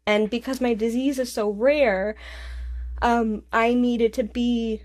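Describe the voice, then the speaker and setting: A young woman, a DJ and singer, telling a personal story in a podcast interview, halting and restarting, laughing through tears. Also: on the high side, steady tone, a little mellow. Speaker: guest, DJ and vocalist.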